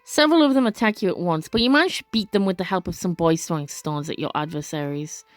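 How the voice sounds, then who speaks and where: A woman doing casual let's play commentary, reading game text aloud with expressive, gasping reactions and chatty asides. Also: lowish voice, quick pace, dry recording.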